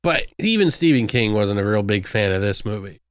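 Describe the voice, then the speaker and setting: Young male podcast co-host, loose and profane, clear smooth tone, dry close recording. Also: lowish voice, animated, a little fast, no echo. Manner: rambling, loose and profane, many fillers. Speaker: podcast co-host, movie reviewer. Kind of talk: casual movie review chat.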